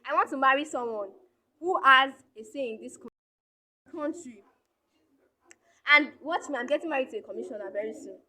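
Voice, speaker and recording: A woman storyteller voices a cold young fiancée. She is blunt and dismissive, in a slightly high voice. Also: moderate pace, long pauses, sharp tone, low-quality recording.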